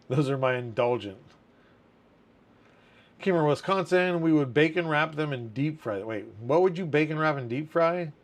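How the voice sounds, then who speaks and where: A community manager in his thirties hosts a casual livestream chat, reading viewer comments aloud and laughing often. His voice is on the high side, and he speaks at a measured pace with frequent pauses.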